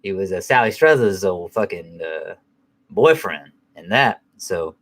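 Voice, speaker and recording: A man's voice: deep voice, big pitch swings, a little slow. A middle-aged man giving a casual spoken film review, rambling, profane, and often correcting himself.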